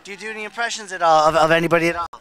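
A man's voice: a little high, very fast, pushed and bright. A man hosting comedy street interviews outdoors at a beach, playful and teasing. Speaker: comedian host.

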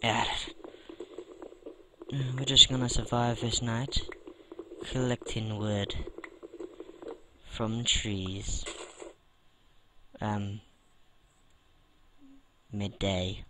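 A man's voice: fairly low pitch, little pitch movement, very slow, pauses often, noisy background. A man from the UK giving casual, rambling commentary while playing a game, with mild swearing. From United Kingdom. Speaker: let's play gamer.

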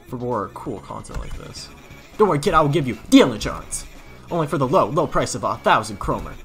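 A man voicing a pushy, loud scammer salesman figure with huckster patter in a game playthrough. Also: medium pitch.

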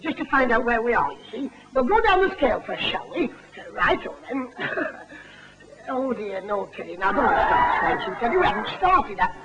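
A man's voice: very high-pitched, big pitch swings, moderate pace. A man from England with a Lancashire accent, performing a music hall puppet sketch in a fussy, coaxing manner. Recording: dull, faintly noisy 1950 film soundtrack.

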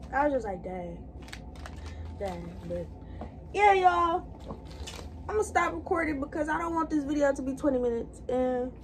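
High-voiced woman chatting while getting ready. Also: a little hiss or hum. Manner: rambling and chatty, talking straight to viewers. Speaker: vlogger. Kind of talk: casual get-ready-with-me chat.

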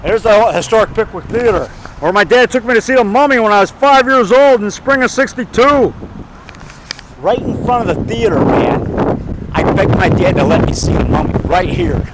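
A man in his fifties rambling excitedly while walking down a town street, talking to camera and calling the viewer brother and man. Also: high voice, normal speed, background noise. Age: 50s. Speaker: filmmaker vlogging. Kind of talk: rambling outdoor vlog.

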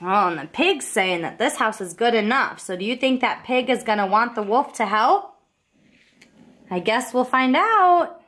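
A woman teacher reading a picture book aloud to young children, expressive and asking them questions. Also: a little high, normal speed.

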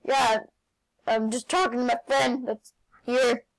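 A woman playing a video game and commenting as she goes, excitable, often shouting and laughing. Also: a little high, measured pace, vocal fry, rough recording. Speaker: gaming channel host.

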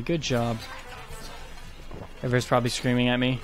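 A man's voice: medium pitch, lively intonation, normal speed, pauses often, slight background noise. Chatty man narrating his gameplay. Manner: chatty, thinking aloud. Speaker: gaming YouTuber. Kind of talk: let's play commentary.

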